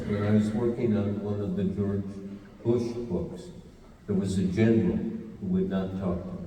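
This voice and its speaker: A man's voice: lowish voice, dark tone, far from the mic, a little hiss or hum. An older man, a journalist, telling a story with dry humor at a live public talk. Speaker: journalist and panel speaker. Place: event hall with audience. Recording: echoey hall recording from afar.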